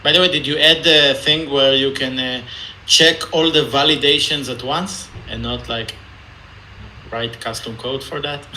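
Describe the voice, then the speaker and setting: A man's voice: medium pitch, steady tone, measured pace, bright, forceful tone, slight background noise, low-quality recording. A man with an Israeli accent, hosting an online Q&A in a joking, hesitant way and reading out audience questions. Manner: jokey, hesitant, reads out questions. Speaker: meetup Q&A moderator. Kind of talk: casual online Q&A. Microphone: video call.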